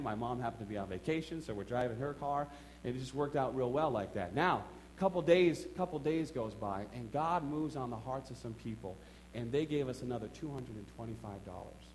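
A middle-aged man preaching a sermon in a church, telling a personal story with emphatic swings between quiet asides and excited outbursts. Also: mid-range voice, a little fast, slight background noise. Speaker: pastor.

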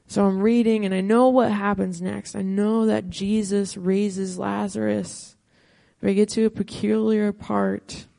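Woman pastor in her 30s telling her story, earnest, kinda gravelly, pretty even tone. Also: mid-range voice. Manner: earnest storytelling with quoted prayers. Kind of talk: personal testimony talk.

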